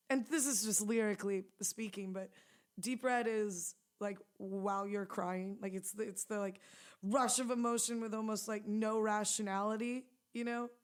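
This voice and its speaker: A young woman musician chatting in an interview, rambling with lots of "like" fillers and frequent laughs. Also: mid-range voice. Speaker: musician guest. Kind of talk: casual interview chat.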